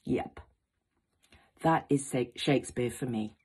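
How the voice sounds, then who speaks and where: A woman actor giving an encouraging, expressive educational talk to young people. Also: low-pitched, a little slow, husky. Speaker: actor teaching students.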